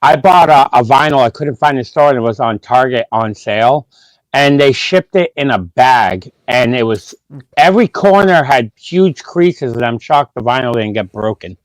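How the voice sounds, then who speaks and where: A man co-hosting a casual livestream chat, telling a relaxed, grumbling story. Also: medium pitch, moderate pace, no echo. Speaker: co-host.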